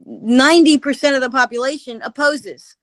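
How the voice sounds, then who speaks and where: A woman with a fairly high voice delivers fervent political commentary as a radio guest. She presses her points with repeated rhetorical questions. The sound is close and dry, like call audio without room echo. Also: normal speed, fairly bright tone. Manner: impassioned, emphatic, rhetorical questions. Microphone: remote call audio.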